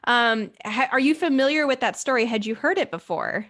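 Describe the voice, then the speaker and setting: A woman hosting a podcast interview, telling a story in a casual, animated way with many fillers. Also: fairly high pitch, fairly quick. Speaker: podcast host.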